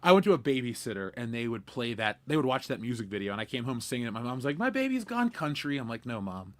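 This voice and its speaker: A man's voice: mid-range voice, very fast, no echo. A man hosting a pop culture podcast, reading viewer comments and teasing his co-hosts in casual banter. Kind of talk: casual chat.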